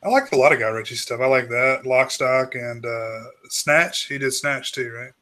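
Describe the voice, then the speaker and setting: A man with a very bright, sharp tone chats casually about films. He is easygoing and laid back, chiming in with short agreements and his own favorites at a middle pitch. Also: normal speed. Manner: easygoing, short agreeing replies, laughs along. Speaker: podcast co-host. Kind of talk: casual movie discussion chat.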